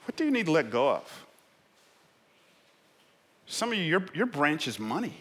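A man's voice: on the high side, sing-song, moderate pace, a bit bright, breathy edge, in a large hall. A man preaching a sermon as a pastor in a church, impassioned and stumbling over restarts as he presses his points.

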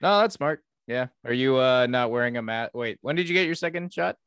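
A young man chats on a podcast and keeps breaking into laughter. His voice is smooth and resonant, and it sounds dry and close to the mic. He talks loosely and pokes fun at himself. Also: medium pitch, lively intonation, brisk, a bit bright, no echo. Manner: chatty, laughs often, self-deprecating. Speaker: podcast co-host. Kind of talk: casual chat.

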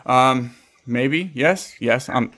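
A man in his thirties hosting a casual podcast, excitable and jokey, swearing casually as he chats with guests. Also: mid-range voice, drawn-out words. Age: 30s. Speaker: podcast host.

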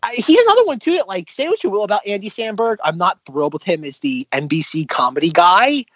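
A man's voice: high-pitched, very animated, fast talker, fairly bright tone, husky, dry recording, highs cut off. A man co-hosting a casual film podcast, animatedly retelling scenes. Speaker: podcast co-host.

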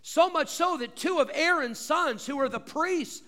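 In a large hall, a man pastors his flock through a sermon built on rhetorical questions and repetition, shifting from loud, elongated emphasis down to quiet, low-voiced asides.

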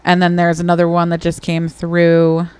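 Clear-voiced New York woman, dry sound. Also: fairly low pitch, monotone, darkish tone, no room sound. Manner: chatty, laughing, spells out words slowly. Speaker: stream co-host. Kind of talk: casual chat.

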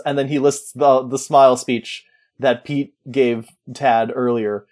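A man's voice: medium pitch, steady tone, a little slow, darkish tone. A man in casual chat, animatedly retelling a movie's plot and acting out the characters' lines. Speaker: podcast co-host.

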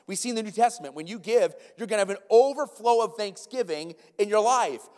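A man preaching a sermon in a church sanctuary, animated, with stumbling restarts and repeated words. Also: high voice, fast talker, few pauses. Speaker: pastor. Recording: long church hall reverb.

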